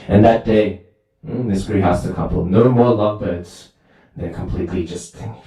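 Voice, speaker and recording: Low dark-voiced guy giving a temple talk, super echoey hall, mic far away. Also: normal speed. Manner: lively storytelling, asks "right?" often. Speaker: temple speaker. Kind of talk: sermon with storytelling.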